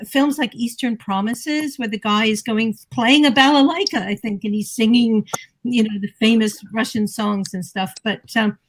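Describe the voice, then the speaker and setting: Woman talk show guest, high-pitched, animated and playful storytelling. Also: normal speed, poor audio. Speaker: guest actor. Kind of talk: casual talk show chat.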